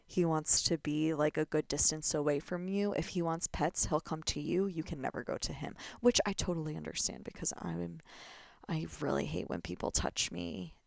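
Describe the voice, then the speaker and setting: A woman's voice: deep voice, normal speed, vocal fry, a little mellow, dry recording. A young woman hosting a casual solo podcast, chatty and blunt, full of "like" fillers. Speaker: podcast host.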